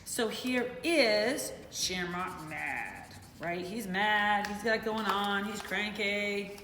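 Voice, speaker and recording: A woman's voice: mid-range voice, takes it slowly, sharp tone, slight background noise. Middle-aged woman teacher, bouncy sing-song voice for little kids, echoey room with a long tail. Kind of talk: remote class lesson for young children. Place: home. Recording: roomy echo with faint ambience.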